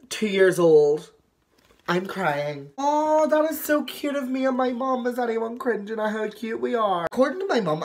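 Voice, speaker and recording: A young man in his late teens chatting in a casual vlog, camp, sassy and dramatic, swearing often. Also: high-pitched. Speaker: vlogger.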